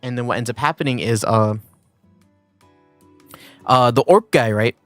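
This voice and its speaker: Brief: casual male streamer, mid-pitched, dry recording, soft background music. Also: a little slow, no room sound. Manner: rambling storytelling with many fillers. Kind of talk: casual chat.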